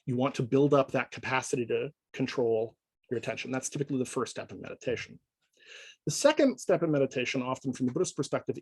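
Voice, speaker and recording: Male lecturer, husky, dry close sound; easygoing classroom talk, keeps asking "right?". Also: medium pitch, darkish tone, dry recording, rough recording. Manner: conversational, checks in with frequent "right?". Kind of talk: informal lecture.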